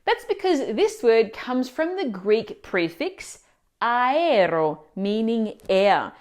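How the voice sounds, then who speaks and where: Lively woman explaining pronunciation. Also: a little high, slow pace. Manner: clear, explanatory, asks the viewer questions. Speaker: Italian language teacher. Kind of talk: scripted video lesson narration.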